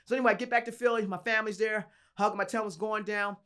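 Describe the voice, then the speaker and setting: A woman from Philadelphia, a guest on an interview show, telling her story in a lively, slangy, profane way and acting out the quotes. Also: medium pitch, quick pace, smooth.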